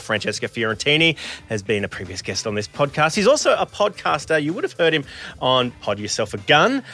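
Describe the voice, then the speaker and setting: Aussie guy hosting a podcast, animated up-and-down voice, laughs a lot. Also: on the high side. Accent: Australian. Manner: lively, laughs often, friendly banter. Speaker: podcast host. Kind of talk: casual podcast chat.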